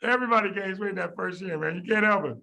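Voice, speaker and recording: A middle-aged man lecturing medical students in an animated, folksy, joking storytelling way. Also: high voice, racing, creaky, poor audio. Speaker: medical school biochemistry lecturer.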